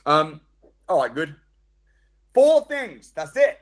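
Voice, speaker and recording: Animated man giving a lively seminar talk. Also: fairly high pitch, slow. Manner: animated, acts out quoted inner voices; addresses the audience directly with questions. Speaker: seminar speaker. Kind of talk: live motivational seminar talk.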